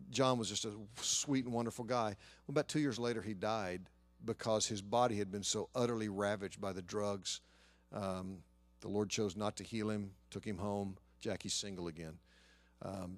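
Male pastor, low voice, earnest storytelling sermon, dry close sound. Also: no room sound.

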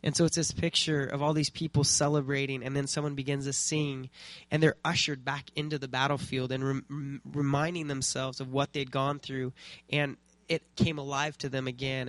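Guy rambling thru a casual faith talk for an artists group, lots of ums, mid pitch, dry close sound. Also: no echo. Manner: relaxed and rambling, many fillers and restarts.

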